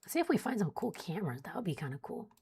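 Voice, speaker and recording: A woman's voice: on the low side, very animated, racing, mellow, slightly rough. A young woman hosting a casual live weather stream, reading out storm warnings and chatting with viewers while sleepy and yawning. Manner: chatty, reads warnings then jokes with chat. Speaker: weather livestream host.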